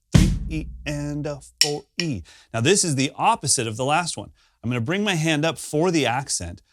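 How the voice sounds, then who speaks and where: A man's voice: fairly high pitch, lively intonation, moderate pace, soft background music. A man teaching a drum lesson from his kit, counting beats aloud and scatting drum sounds in an upbeat, self-mocking way.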